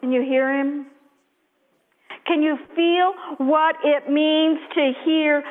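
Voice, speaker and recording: A woman pastor giving a sermon, speaking slowly and gently and dropping to a hush at times. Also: high-pitched, steady tone. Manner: slow, gentle, drops to a hush on repeated blessings. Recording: echoey hall over a thin phone-like line.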